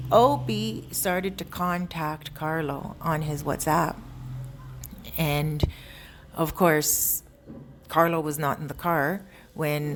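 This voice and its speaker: A woman telling a story in a casual, animated, conversational way with chatty asides. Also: deep voice, slight background noise.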